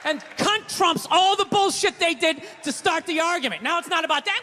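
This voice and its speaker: A man doing a stand-up comedy routine, ranting and swearing in loud bursts before a live audience. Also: extremely high pitch, normal speed. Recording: live hall reverb with audience.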